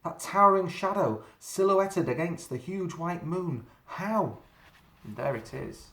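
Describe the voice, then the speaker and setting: A man reading a children's story aloud, dramatic and slowing down for suspense. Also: sits high, animated, a bit bright. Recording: roomy echo.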